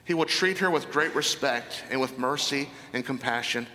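A man preaching a sermon, explaining a Bible passage in a deliberate, emphatic way. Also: medium pitch, pushed and bright. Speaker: pastor. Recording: echoey hall with long reverb.

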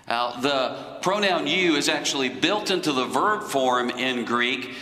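A man preaching a sermon in a slow, deliberate teaching manner. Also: a little high, sharp tone, reverberant, in a large hall, rough recording.

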